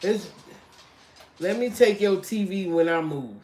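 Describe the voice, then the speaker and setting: A woman chatting casually, shifting between loud bursts and hushed asides. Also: mid-range voice, measured pace, a little hiss or hum. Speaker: tarot reader. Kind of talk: casual chat.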